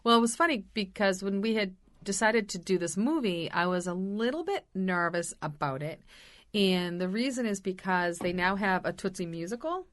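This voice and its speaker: A woman's voice: mid-range voice, lively intonation, normal speed, fairly bright tone. A woman co-hosting a podcast, talking casually and thoughtfully about a film, with many agreeing remarks and fillers. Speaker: podcast co-host. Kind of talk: casual chat.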